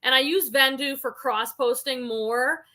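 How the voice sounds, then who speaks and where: Hosting a laid-back stream, this woman reads viewers' comments out loud before chatting and reacting. She speaks unhurriedly in a high voice with a sharp edge.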